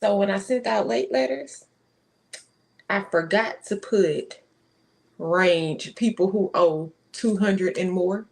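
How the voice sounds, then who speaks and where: A woman's voice: medium pitch, takes it slowly, vocal fry, a little mellow, slight background noise. A woman co-hosting a casual chat, telling a story about her day in a self-mocking, laughing way. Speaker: co-host.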